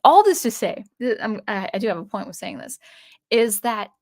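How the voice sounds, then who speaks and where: A woman's voice: mid-range voice, animated, moderate pace, darkish tone. A woman hosting her own livestream, chatting casually in a rambling way with many restarts and repeated words. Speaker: channel host.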